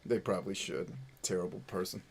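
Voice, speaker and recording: A man's voice: low-pitched, little pitch movement, a little fast, gravelly, breathy edge. Foul-mouthed joking man streaming a game. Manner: profane, joking, self-mocking. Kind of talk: live gameplay commentary reading chat.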